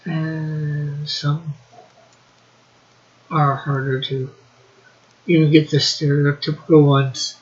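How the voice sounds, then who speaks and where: Host, male, slightly high voice, slow and chatty, dull lo-fi sound. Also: little pitch movement, soft background music. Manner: chatty, laughs often, reads viewer comments aloud. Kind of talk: casual live-stream chat.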